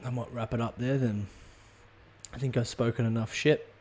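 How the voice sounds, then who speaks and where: Here a podcast host goes off on a profane, meandering comedic rant, stumbling over ums and restarting sentences. His voice is medium-pitched and darkish, with fairly even intonation and a normal speed, and there's slight background noise.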